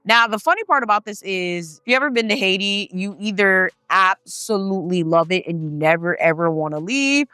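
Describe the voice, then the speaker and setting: Bright chatty woman telling a tale. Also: mid-range voice, expressive, brisk, few pauses, clean tone, no room sound, clean studio sound. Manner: chatty, profane, addresses the viewers directly. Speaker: storyteller. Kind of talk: casual storytelling of a paranormal tale.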